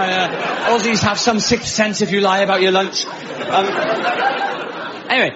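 A comedian delivers stand-up in a dry, wry way, his voice sitting a little high. The recording is muffled, with steady noise behind him. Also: unhurried, a loud crowd. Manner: dry, wry delivery with frequent ums and audience laughter.

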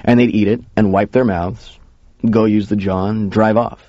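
A man's voice: on the low side, steady tone, moderate pace, dark tone, no room sound. A man narrating a first-person story in a casual, conversational way. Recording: dull lo-fi recording.

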